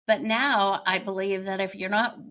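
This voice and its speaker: With a steady, fairly bright, mid-range voice at normal speed, an older woman shares her personal story as an interview guest. She's a retired teacher turned yoga instructor, speaking candidly and reflectively while she searches for the right words.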